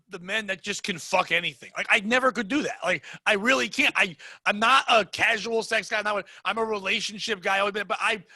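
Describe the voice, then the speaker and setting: A man hosting a podcast, cracking quick self-deprecating jokes in casual banter. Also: high voice, sharp tone, no echo. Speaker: podcast host.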